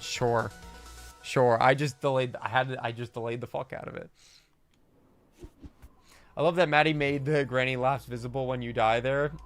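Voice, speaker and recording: A man's voice: medium pitch, fairly even intonation, normal speed, long pauses, faint music behind. A man livestreaming himself playing a game, casually commenting, groaning and swearing at his own mistakes.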